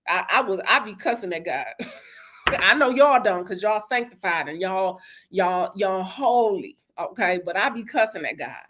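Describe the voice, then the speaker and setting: A woman's voice: mid-range voice, lively intonation, moderate pace. Emphatic woman giving a motivational talk. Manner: emphatic and repetitive, addressing listeners as y'all and baby; acts out quoted conversations in a softer voice. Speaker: host.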